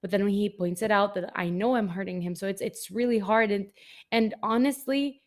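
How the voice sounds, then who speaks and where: A woman co-hosting a podcast in casual chat, candid and reflective, with frequent "like" fillers. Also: fairly quick. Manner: candid, many "like" fillers, mid-range pitch. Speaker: podcast co-host.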